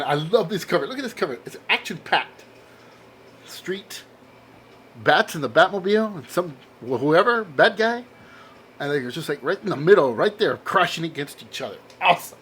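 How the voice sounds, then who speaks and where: Excitable man gushing over comics, lively pitch. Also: slight background noise. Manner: enthusiastic, exclaims over covers; laughs at his own jokes. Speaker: comic book collector showing a haul. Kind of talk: casual vlog chat.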